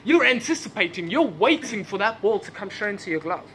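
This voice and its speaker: A high-pitched man with a sharp tone preaches a little fast and very animatedly, with slight hiss or hum on the recording. Speaking English as a second language at a church service, he poses repeated questions and laughs at his own asides.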